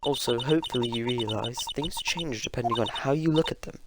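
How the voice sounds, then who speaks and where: A man voicing a calm, wise woman lawyer who mentors and encourages. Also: mid-range voice, brisk, very noisy, natural voice. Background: loud game music.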